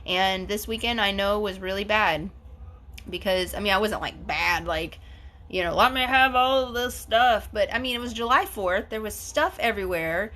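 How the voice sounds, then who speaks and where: A woman's voice: medium pitch, moderate pace, a bit bright. A woman, hosting a casual livestream, reading comments aloud in a chatty, giggly, gushing way. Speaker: livestream host.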